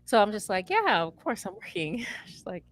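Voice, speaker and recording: A woman telling a story in casual chat, animated and laughing often as she acts out the voices of the people she quotes. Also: medium pitch, moderate pace, dry recording. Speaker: former campus advisor.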